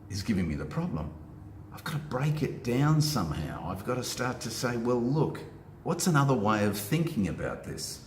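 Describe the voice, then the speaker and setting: A man giving a motivational self-help talk, laying out steps with emphatic, animated delivery. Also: mid-range voice, slight background noise. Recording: echoey room with faint ambience.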